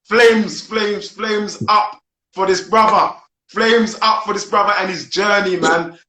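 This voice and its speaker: A man's voice: sits high, fairly even intonation, slow, sharp tone, reverberant, low-quality recording. A man hosting an online open mic, effusive and full of praise, often repeating his words. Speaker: host. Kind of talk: enthusiastic live-stream hosting.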